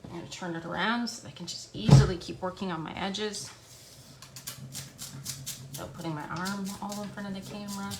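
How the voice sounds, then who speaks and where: A middle-aged woman with an English Canadian accent walks viewers through a live craft tutorial, chatting through each step as she works. Her voice sits at a middling pitch, picked up by a camera on a stand. The room echoes, with steady noise behind her. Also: a little fast, pauses often. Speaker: furniture painting demonstrator.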